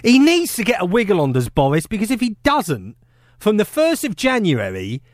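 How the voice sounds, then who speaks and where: A man's voice: high voice, wildly swooping pitch, normal speed, dry recording. A man hosting breakfast radio, cheeky and teasing in playful banter from a studio.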